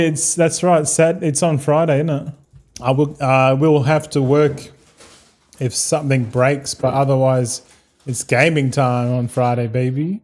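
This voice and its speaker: Laid-back Australian man, mellow voice. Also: mid-range voice. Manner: laid-back, rambling, swears freely, laughs often. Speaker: game streamer. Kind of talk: casual live-stream chat.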